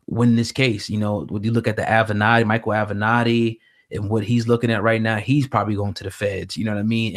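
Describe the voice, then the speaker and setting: Man, lowish voice, hesitant, lots of fillers, casual news commentary host.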